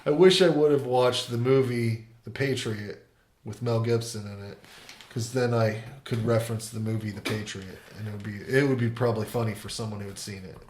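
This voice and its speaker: A man's voice: fairly low pitch, fairly even intonation, moderate pace, a little mellow, roomy sound, slight background noise. A man hosting a casual comedy chat show, rambling and giggling as he talks. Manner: rambling, giggly, restarts often. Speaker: show host.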